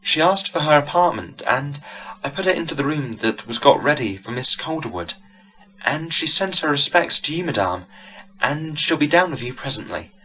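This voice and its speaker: Brief: a man playing a nervous young maid, raised breathy voice, fluttery. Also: on the high side, lively intonation, normal speed, pushed and bright, pitched above the performer's own voice, low-quality recording. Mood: flustered. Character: young flustered housemaid in ribbons.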